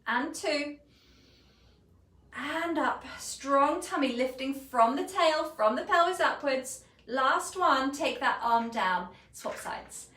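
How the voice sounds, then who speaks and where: A woman teaching a pilates class, calmly cueing each movement and breath step by step. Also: high voice, slow. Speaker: pilates instructor. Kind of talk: guided exercise instruction. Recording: echoey room, voice from a distance.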